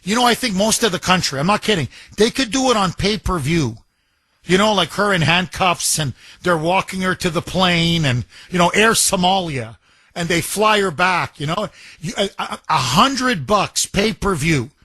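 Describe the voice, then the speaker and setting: A man hosting a call-in talk radio show, talking in an excitable, rambling and emphatic way. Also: high-pitched, moderate pace, no echo. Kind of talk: talk radio, taking calls. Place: radio studio. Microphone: studio microphone.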